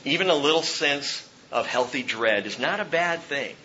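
A man's voice: on the high side, lively intonation, moderate pace, sharp tone, slight background noise. A pastor preaching a sermon to his congregation, earnest and exhorting, laughing at himself now and then. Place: church sanctuary. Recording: dull lo-fi sermon recording.

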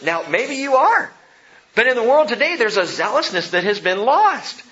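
A male pastor preaching a sermon, animated, swinging between loud emphasis and hushed low lines. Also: brisk, highs cut off.

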